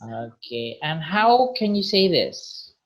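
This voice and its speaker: A man with an Indonesian accent teaching an online English vocabulary lesson, patient and encouraging, slowly repeating words to model pronunciation over a video call. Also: a little high, big pitch swings, rough recording.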